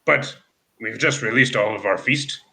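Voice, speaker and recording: A man voicing a pompous male frog-folk chief in a tabletop game, halting and repeating his words. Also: fairly low pitch, sharp tone, rough recording.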